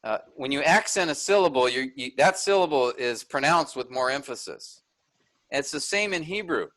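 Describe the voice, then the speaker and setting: A man's voice: mid-range voice, lively intonation, normal speed, a bit bright, poor audio. A man teaching an online workshop, explaining a text step by step and checking in with his listeners.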